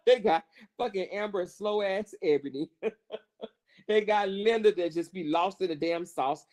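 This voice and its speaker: A woman hosting a casual gossip livestream, cursing freely and laughing often as she talks. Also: fairly low pitch. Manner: profane, animated, laughs often. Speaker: livestream host.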